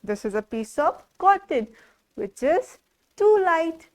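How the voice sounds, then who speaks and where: Slow, high-voiced teacher. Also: female voice, sing-song. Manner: slow, sing-song teaching with repeated words and questions. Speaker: preschool teacher. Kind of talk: classroom lesson for small children.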